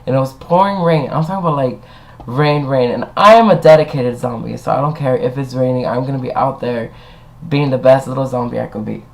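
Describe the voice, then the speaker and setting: A man's voice: medium pitch, a little fast, vocal fry, rough recording. A young man talking casually to a webcam, rambling and swearing as he tells stories. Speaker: vlogger. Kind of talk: casual chat.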